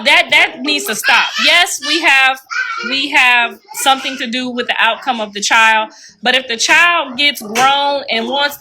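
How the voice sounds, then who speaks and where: A middle-aged woman with a high, bright, froggy voice that sounds a little like Kermit the Frog. She chats animatedly and casually to her livestream viewers, calling them y'all and laughing often. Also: slight background noise. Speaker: livestreamer and mother.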